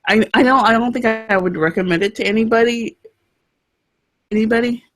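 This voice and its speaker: A woman's voice: a little high, a little fast. A woman co-hosting a book show in casual chat, chatty and laughing often, trailing off mid-sentence.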